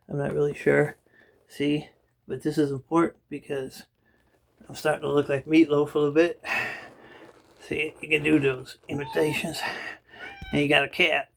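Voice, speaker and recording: A man vlogs from a kitchen chair at home, filming himself on a phone. His voice sits a little high for a man and has a gravelly texture. He rambles from joke to joke and keeps addressing his viewers directly. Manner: jokey, rambling, talks straight to viewers. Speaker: vlogger. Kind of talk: casual rambling vlog to camera.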